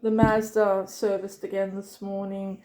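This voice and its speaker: An Australian woman telling travel stories in casual chat, animated and quick to act out what people said. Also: mid-range voice, roomy sound. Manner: animated storyteller, acts out quotes. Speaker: travelling vlogger. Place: friends' home.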